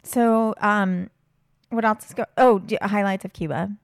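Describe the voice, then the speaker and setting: A woman's voice: medium pitch, fairly even intonation, a little slow, gravelly, smooth, no echo, clean studio sound. A young woman co-hosting a casual podcast, telling travel stories in a chatty way and laughing often. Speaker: podcast co-host.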